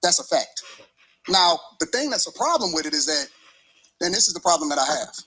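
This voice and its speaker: A man's voice: on the high side, sing-song, fairly quick, pushed and bright, slightly rough, low-quality recording. A man in a heated debate, arguing bluntly and insistently and talking over the other speaker. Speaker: debate guest.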